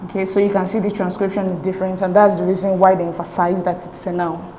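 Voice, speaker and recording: A woman's voice: lowish voice, level tone, quick pace, mellow. A woman working through English exam questions as a tutor, explaining them step by step with a patient manner and checking in with "okay?". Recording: echoey room with faint noise.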